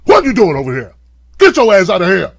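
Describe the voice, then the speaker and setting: A man putting on the voice of a nasty female boss who yells insults at her staff and then turns sugary sweet. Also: very high voice, lively intonation, moderate pace, no echo, clean studio sound, pitched above the performer's own voice. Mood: yelling, contemptuous.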